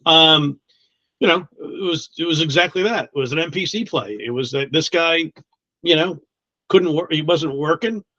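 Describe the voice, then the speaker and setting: A man working as a recruiter, chatting casually in an interview, blunt and quick to swear, laughing often between many restarts. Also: a little high, bright, forceful tone, dry recording, highs cut off. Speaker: guest recruiter.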